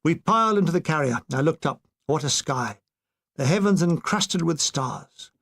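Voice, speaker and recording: A man reading a comic war memoir aloud in a dry, deadpan way. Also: fairly high pitch, normal speed. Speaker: audiobook reader.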